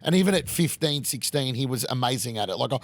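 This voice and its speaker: A man's voice: medium pitch, lively intonation, quick pace. An Australian man in his thirties, telling a story as a podcast guest in a pub, swearing freely and acting out the people in his stories. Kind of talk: casual storytelling.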